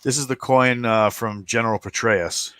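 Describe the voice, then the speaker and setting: A man's voice: mid-range voice, fairly even intonation, normal speed, fairly bright tone, no room sound. A man chatting casually on a podcast, rambling with many fillers and restarts. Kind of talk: casual chat.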